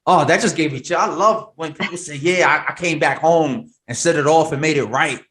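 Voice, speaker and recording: A man's voice: on the high side, brisk, fairly bright tone. A man hosting an interview, enthusiastic and emphatic, cheering on his guest. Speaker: host. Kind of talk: casual interview.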